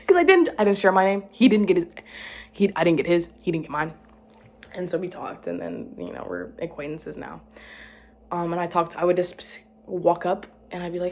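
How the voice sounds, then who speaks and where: A woman's voice: lowish voice, expressive, fairly quick, darkish tone. A young woman telling a rambling personal story in casual chat, correcting herself and laughing as she goes. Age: young adult. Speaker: vlogger.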